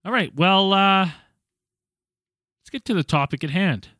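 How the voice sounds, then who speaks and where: Chatty male podcast host, bright tone, dry close sound. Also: high voice, expressive, takes it slowly, no room sound. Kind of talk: casual podcast chat.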